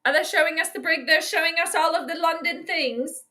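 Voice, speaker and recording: A high, bright woman's voice chatting casually on a livestream. She rambles from one topic to the next, reacting to the game and greeting viewers as she goes. The tone stays light and talkative. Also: a little fast. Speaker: livestream host doing game commentary and astrology predictions. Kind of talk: casual live-stream chat and play-by-play reactions.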